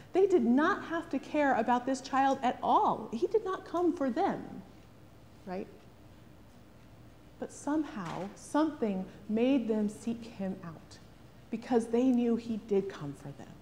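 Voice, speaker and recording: A woman's voice: a little high, measured pace, in a large hall, slight background noise. A woman pastor preaching a sermon, asking rhetorical questions and often adding "right?". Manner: animated, rhetorical, frequent "right?".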